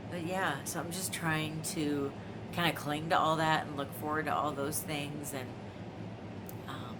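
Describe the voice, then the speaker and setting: A woman around forty talks casually at home for her vlog in a low, deep voice. She rambles along with plenty of fillers and restarts. A faint hiss sits under the recording. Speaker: vlogger. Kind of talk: casual chat. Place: apartment.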